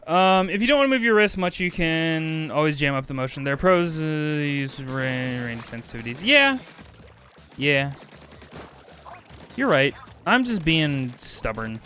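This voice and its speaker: A man streaming a video game live, chatting with viewers and reacting loudly, swinging between excited yelps and low mutters. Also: moderate pace, a little hiss or hum. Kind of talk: casual live gameplay commentary.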